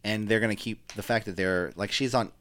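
A man's voice: fairly low pitch, fairly even intonation, a little fast, fairly bright tone, dry recording. A young man co-hosting a casual podcast, rambling through a wrestling recap with lots of fillers. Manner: chatty, rambling, mimics wrestlers in quotes. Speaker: podcast co-host.

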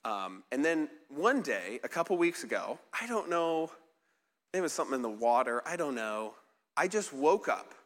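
A man's voice: on the high side, very animated, normal speed. A man giving a casual sermon as a pastor, chatty and self-deprecating, full of fillers and restarts. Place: large church hall. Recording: live sermon in a reverberant hall.

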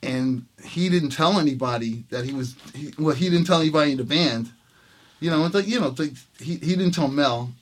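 Male trumpet player, interview guest, lively storyteller who stumbles and restarts, slightly high-pitched voice. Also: a little fast. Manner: animated, many restarts, acts out quotes. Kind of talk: storytelling in a conversation.

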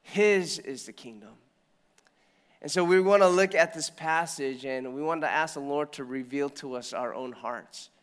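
A male pastor preaching a sermon in an earnest, reflective way, often sighing and letting phrases trail off quietly. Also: on the high side, moderate pace, hardly any pauses, clear, resonant tone, in a large hall.

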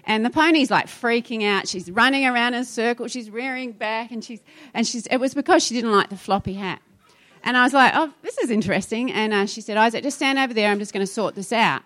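A woman pastor speaking to a church, telling a story in a lively, animated way with acted-out quotes. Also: fairly high pitch, brisk.

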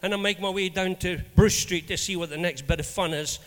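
Scottish preacher guy, high voice, lively storytelling sermon, big echoey church hall. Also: a little fast. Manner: animated, acts out dialogue in anecdotes. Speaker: minister.

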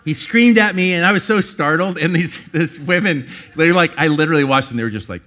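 A man's voice: fairly high pitch, a little fast, fairly bright tone. Man preaching with a rambling story. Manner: rambling storytelling with many restarts and laughter. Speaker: pastor. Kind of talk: sermon with personal story.

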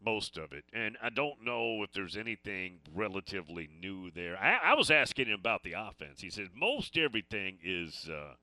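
A sports talk radio host rambles through stories and listener texts. His voice is very bright and his pitch moves a lot. The sound is close and dry. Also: very animated, moderate pace, hardly any pauses, dry recording. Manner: rambling, reading listener messages.

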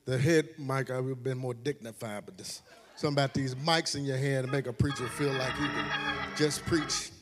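A man's voice: medium pitch, a little fast. A man preaching a rhythmic, singsong sermon into a handheld mic at a Wednesday night church service. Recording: church hall reverb with music.

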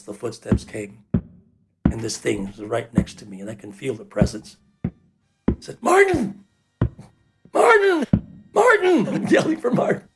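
A man telling a personal story in a loose, casual way, with lots of fillers, who acts out the people he quotes. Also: on the low side. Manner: animated, acts out the quoted voices; loose and rambling, with fillers like "you know".

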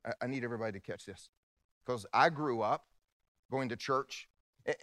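A male pastor preaching a sermon, swinging between excited loud passages and hushed low ones, acting out quoted voices. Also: no room sound.

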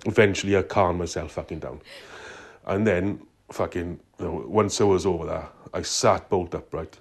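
A man with a deep, very low voice tells a meandering phone-in story. He drops swear words into almost every phrase, loose and unhurried. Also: vocal fry, breathy edge. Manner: profane, swears constantly. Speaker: caller.

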